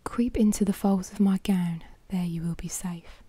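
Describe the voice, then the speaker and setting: A woman's voice: fairly low pitch, fairly even intonation, normal speed, mellow, husky, dry recording. A woman voicing the demon's old mother, wary but kindly, in a whispered role-play.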